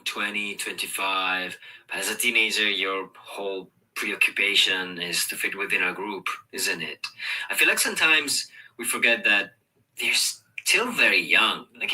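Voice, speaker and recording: A man's voice: on the low side, sharp tone, low-quality recording. A man speaking as a guest in a discussion clip, reflective and tentative. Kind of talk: discussion panel talk.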